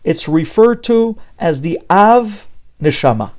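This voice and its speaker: A man's voice: high voice, expressive, slow pace, darkish tone. A man giving a Torah sermon as a rabbi, preaching emphatically with rhetorical questions and mixing Hebrew terms into English.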